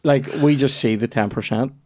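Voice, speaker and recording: A man trades rambling anecdotes on a comedy podcast. He swears often and strings his stories along in loose, sweary asides. His voice sits at an ordinary middle pitch. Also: normal speed, darkish tone. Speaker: podcast guest. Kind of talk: casual comedy chat.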